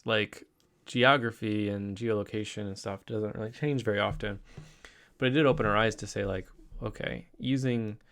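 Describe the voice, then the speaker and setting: A man's voice: lowish voice, vocal fry. A young adult man talking through a casual daily vlog, rambling upbeat with many restarts and fillers. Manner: upbeat, excited. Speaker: vlogger.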